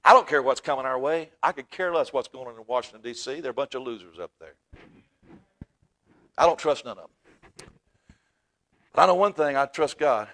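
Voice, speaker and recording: A man preaching a fervent sermon in a church, swinging from loud exclaiming to hushed asides. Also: mid-range voice, expressive, normal speed, pauses often. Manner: fervent, swings from shouting to near-whisper. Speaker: pastor. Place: church sanctuary.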